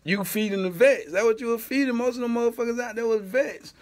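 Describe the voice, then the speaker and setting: A middle-aged man with a Central Florida accent, hosting a podcast with loud, laughing, profane storytelling. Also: very high-pitched, fast talker. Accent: Southern US, Central Florida. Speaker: podcast host. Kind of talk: casual podcast banter.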